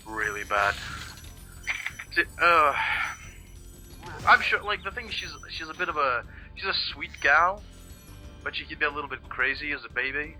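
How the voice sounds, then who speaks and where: Rambling man with a very bright voice. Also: a little high, animated, normal speed, long pauses, faint music behind, poor audio. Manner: rambling, swearing, many restarts. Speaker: let's play co-host watching. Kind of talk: casual gaming chat.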